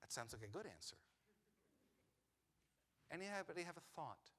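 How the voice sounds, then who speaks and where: A man's voice: fairly high pitch, sing-song, normal speed, fairly bright tone. A man giving a sermon as rabbi, telling the story in a humorous, conversational way and asking the congregation questions. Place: synagogue sanctuary. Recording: long reverb of a large sanctuary.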